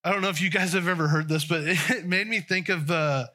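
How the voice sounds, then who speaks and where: Man preaching, conversational, bright sharp voice, slightly high pitch, restarts sentences. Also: fairly quick. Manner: conversational, with restarts and trailing phrases. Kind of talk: sermon.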